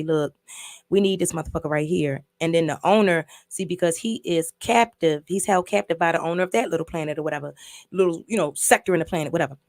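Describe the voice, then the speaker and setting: A woman's voice: fairly low pitch, gravelly, no echo, clean studio sound. A woman casually recapping and reviewing a movie, telling the story in an emphatic, profane way with lots of repeats.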